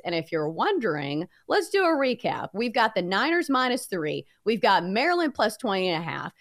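Lively woman co-hosting a betting show. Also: mid-range voice, dry recording, studio quality. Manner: lively, teasing, runs the recap. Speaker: sports betting podcast co-host. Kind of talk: casual sports betting talk.

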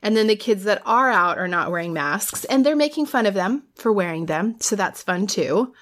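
In a medium-pitched, expressive and slightly bright voice, a woman with teenage kids chats casually at normal speed. She's candid and exasperated, laughing at herself now and then.

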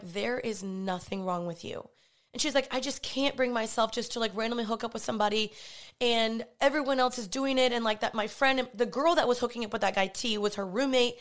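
Young woman, podcast host, higher-pitched voice, casual storytelling full of quoted dialogue. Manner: animated retelling with quoted dialogue, many "like"s.

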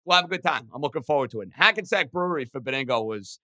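A man hosting a sports podcast in casual, excitable talk. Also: rapid-fire, no room sound. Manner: excitable, chatty, pitch jumps when animated.

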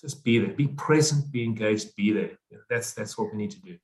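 A man's voice: on the low side, a little fast, darkish tone. A South African man who is a guest on a podcast, speaking earnestly and repeating key phrases for emphasis. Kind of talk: interview conversation.

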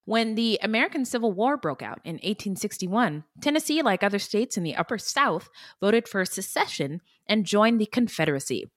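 A woman's voice: medium pitch, very animated, normal speed, hardly any pauses, dry recording, studio quality. A woman co-hosting a true-crime podcast in casual chat, blunt and profane, and she laughs when something makes her uneasy. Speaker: podcast co-host.

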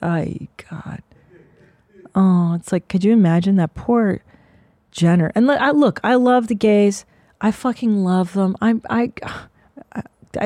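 In clean studio sound with no room echo, a middle-aged podcast host delivers profane, blunt, sarcastic rants during casual chat. Her voice sits in the mid-range and has a mellow quality.

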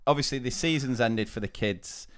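A man's voice: mid-range voice, moderate pace, a bit bright, clear, resonant tone. A man co-hosting a podcast, telling stories in a chatty way and laughing often. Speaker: podcast co-host. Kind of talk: casual chat.

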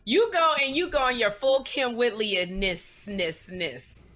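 A woman's voice: fairly high pitch, very animated, unhurried, a bit bright. A woman, teasing and encouraging a friend in casual chat.

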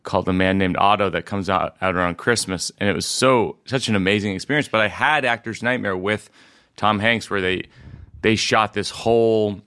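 Halting, low-voiced man telling stories. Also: fairly even intonation, pushed and bright, smooth, no echo, clean studio sound. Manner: rambling, halting, self-correcting storyteller. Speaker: comedian guest. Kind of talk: casual storytelling conversation.

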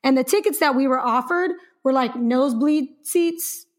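A young woman co-hosting a podcast, telling a story in a lively, chatty way and laughing often. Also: sits high, normal speed. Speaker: podcast co-host. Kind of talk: casual podcast chat.

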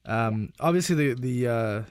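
A man's voice: medium pitch, animated, measured pace, smooth, no echo, studio quality. A man giving employment law advice to a caller, hesitant with many uhs and restarts. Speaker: employment lawyer. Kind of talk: call-in advice.

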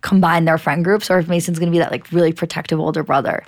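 Young woman cohost, fairly low voice, excited, swears a bunch. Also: fast talker. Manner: enthusiastic, swears casually. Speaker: podcast co-host. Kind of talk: casual chat recapping a reality show.

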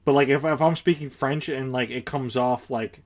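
Male podcast co-host, mid-pitched, hesitant, keeps circling back in loose casual chat. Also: fairly even intonation, normal speed. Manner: hesitant, circles back while arguing a point.

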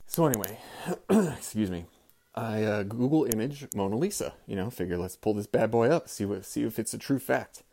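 A man's voice: lowish voice, expressive, moderate pace, gravelly, warm tone. A man in his thirties, a former teacher, telling a story casually and animatedly, swearing and acting out the people he quotes.

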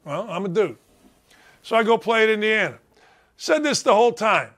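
Fifty-something guy ranting on his sports show, high bright voice, loud and blunt. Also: animated, moderate pace. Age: 50s. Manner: brash, emphatic, repetitive ranting. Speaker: sports talk host. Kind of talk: sports talk rant.

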